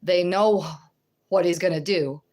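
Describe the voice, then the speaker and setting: A middle-aged woman giving a religious teaching and testimony, conversational and halting, often checking in with the listener. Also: on the low side, darkish tone. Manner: halting, with restarts.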